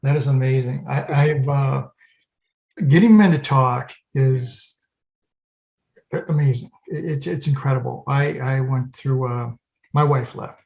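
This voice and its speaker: Male podcast host, affirming and warm. Gravelly voice, echoey room sound. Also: mid-range voice, measured pace. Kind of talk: casual interview.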